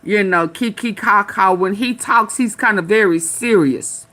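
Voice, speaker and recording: A woman's voice: medium pitch, a little slow, bright, forceful tone. A woman hosting a casual live stream, talking back at video clips with sassy, loose slang.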